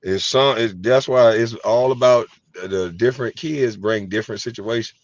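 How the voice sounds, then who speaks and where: A middle-aged man hosting a casual chat, telling animated, profane stories and laughing easily. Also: mid-range voice, moderate pace, no echo. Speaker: host. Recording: dry, slightly dull sound.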